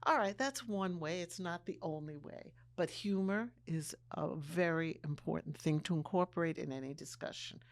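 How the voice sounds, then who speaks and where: A woman in her eighties co-hosting a casual conversation, telling family stories and getting animated when she retells a joke. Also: sits low, moderate pace, hardly any pauses. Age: 80s. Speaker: podcast co-host, mother-in-law.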